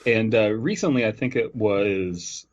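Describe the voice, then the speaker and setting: Low, lively male host; dry joker reading stories, muffled lo-fi sound. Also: a little slow. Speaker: podcast host. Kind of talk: casual chat and story reading. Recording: dull lo-fi sound.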